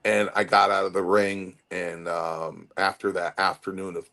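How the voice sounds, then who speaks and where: A man's voice: low voice, measured pace, vocal fry. A man in his late fifties, a retired wrestler, telling long stories as an interview guest, full of restarts and acted-out quotes. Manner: animated storyteller with many restarts and acted-out quotes. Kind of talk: storytelling interview.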